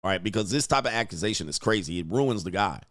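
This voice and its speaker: A man's voice: lowish voice, lively intonation, quick pace, fairly bright tone, no echo. Man reacting to a clip, blunt, crude, laughing a lot, close dry mic. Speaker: streamer commentator.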